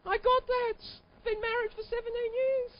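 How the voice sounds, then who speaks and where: A man in his forties giving an animated, emphatic keynote talk, telling a personal story and at times breaking into shouts. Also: extremely high pitch, moderate pace. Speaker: keynote sales speaker. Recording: dull lo-fi recording.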